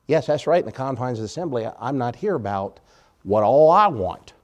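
A man's voice: medium pitch, lively intonation, a little fast, dull audio. Man preaching a conversational sermon. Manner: conversational, rhetorical questions, wry sarcasm, volume swings. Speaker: pastor.

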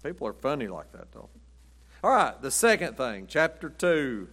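A man's voice: mid-range voice, sing-song, normal speed, a bit bright. A middle-aged man preaching a Baptist sermon in a folksy, emphatic way, with punchy short lines.

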